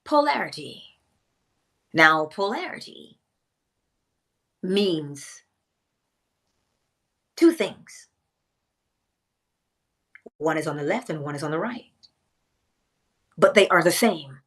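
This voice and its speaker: Woman, spiritual teacher, slow measured delivery, lively pitch, theatrical pauses. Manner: theatrical, pausing often, dropping to whispers for emphasis. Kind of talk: spiritual lesson to camera.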